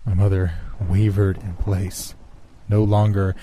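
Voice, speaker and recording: Deep husky guy narrating a horror story, dark dry sound, hushed and steady. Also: takes it slowly, a little hiss or hum.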